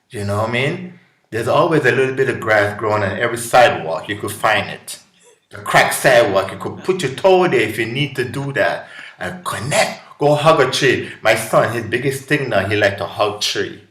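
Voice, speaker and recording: A man from Jamaica with a Jamaican accent, a guest musician giving an animated, preachy inspirational talk. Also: medium pitch, normal speed, echoey room. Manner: preachy, animated, acts out voices.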